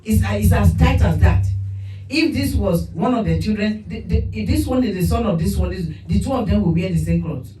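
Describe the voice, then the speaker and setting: A woman preaches a sermon in an animated way, breaking into laughter and acting out quoted voices. Her voice is mellow and sits back from the mic. An echoey room carries soft music behind her. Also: mid-range voice, a little fast, distant mic.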